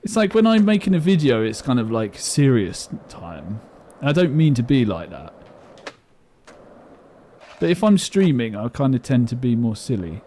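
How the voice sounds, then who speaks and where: A man's voice: mid-range voice, very animated, normal speed, dark tone, slight background noise. A man streaming a game and chatting casually, rambling and poking fun at himself. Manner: rambling, self-mocking, chatty. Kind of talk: casual live-stream chat while gaming.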